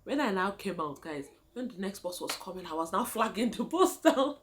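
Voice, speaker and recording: A woman's voice: medium pitch, animated, normal speed, noisy background. A young Nigerian woman with a Nigerian accent, telling a casual story to her viewers, laughing often and calling them guys. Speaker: vlogger.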